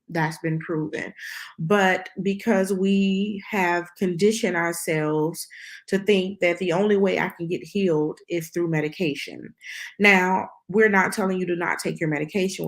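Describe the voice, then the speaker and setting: A middle-aged woman from the southern United States shares a personal testimony with the earnest pull of a storyteller. Her voice sits a little low for a woman, and she slips into the voices of the people she quotes. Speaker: host.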